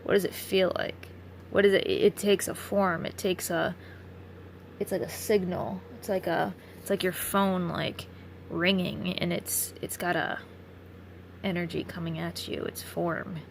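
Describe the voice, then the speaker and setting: A woman's voice: fairly low pitch, little pitch movement, a little slow, gravelly, a little hiss or hum. A tired woman rambling through a late-night philosophical vlog, trailing off and swearing freely. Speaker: vlogger.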